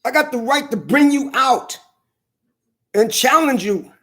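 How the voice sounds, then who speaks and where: A man with a strikingly high voice rants with anger and plenty of profanity. He drives each point home by repeating it and slowing down to stress single words. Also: lively intonation, pushed and bright. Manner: angry, profane, emphatic repetition; slow hammering emphasis on key words. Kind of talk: heated monologue to camera.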